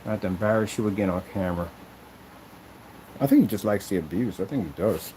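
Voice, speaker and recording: In a low-quality clip with a faint hiss or hum, a projection screen maker vents in a casual vlog. His lowish voice is brisk and dark-toned, and his delivery is aggrieved, meandering and repetitive.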